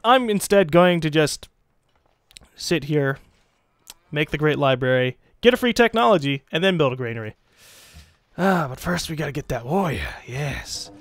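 A young man giving casual, excitable commentary while playing a strategy game, swearing and teasing the computer opponents. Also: fairly high pitch, dry recording. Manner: excitable, swears, mocks game leaders in put-on voices. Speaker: let's play gamer.

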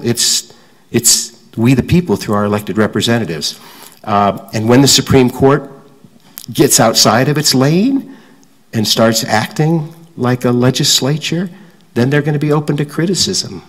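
An older man from suburban Washington, giving a fireside talk as guest speaker, halting and restarting often, with self-deprecating humor. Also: lowish voice, in a large hall, low-quality recording. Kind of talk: fireside talk with audience questions.

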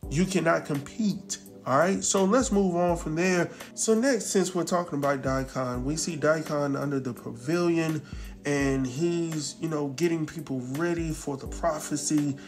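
A man's voice: fairly high pitch, unhurried, faint music behind. A man casually recapping a drama episode, acting out the characters' lines and talking back to them. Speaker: TV recap host.

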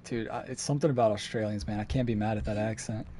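A man with a lowish, mellow voice talks fast and steadily as he streams a survival game, slight background noise audible. He chats casually, swears, and alternates between laid-back and frustrated in this gaming commentary.

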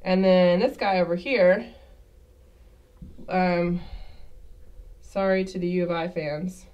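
A woman's voice: on the low side, steady tone, takes it slowly, lo-fi sound. A woman teaching a Spanish class, explaining grammar in a chatty way and checking in with the class by asking "okay?" again and again. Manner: checks in with frequent "okay?" asides; self-correcting, chatty explanations. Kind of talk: classroom lecture at a whiteboard.

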